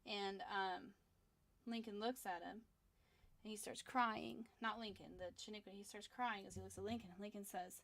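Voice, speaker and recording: A woman's voice: medium pitch, steady tone, normal speed, vocal fry, fairly bright tone. A young woman artist rambling through a story in casual chat while she draws, tired and sleepy, with lots of fillers. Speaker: comic artist livestreaming a drawing session.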